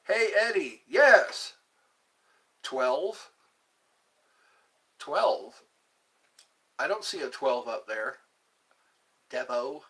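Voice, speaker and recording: A man's voice: on the high side, sing-song, drawn-out words, long pauses, a bit bright. A man hosting a casual livestream, chatting playfully and reading out his viewers' comments. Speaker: livestream host. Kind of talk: casual live chat.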